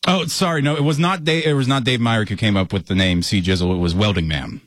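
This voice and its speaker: A man's voice: lowish voice, fast talker, a bit bright, dry recording. A man, a radio show producer, casually telling stories about his nicknames in the studio.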